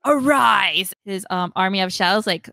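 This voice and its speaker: A young woman hosting a podcast, animatedly retelling a story, acting out lines in quick voices and laughing often. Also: medium pitch, fairly bright tone, clear, resonant tone, dry recording. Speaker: podcast host. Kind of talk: casual chat retelling a story.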